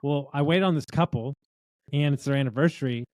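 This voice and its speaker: A man telling lively restaurant stories in a casual chat, acting out what other people said. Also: a little high, brisk, no room sound. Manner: animated storyteller, acts out quotes of others.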